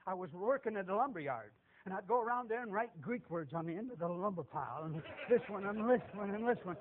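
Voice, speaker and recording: A man preaching a folksy, emphatic sermon in a church, swinging between shouts and hushed tones. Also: high-pitched, sing-song, brisk. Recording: tinny phone-like recording.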